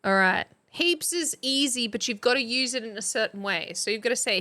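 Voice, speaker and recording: A woman's voice: fairly high pitch, animated, fairly quick, pushed and bright. An Australian woman chatting casually on a live stream, quizzing her chat like a teacher. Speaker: substitute streamer.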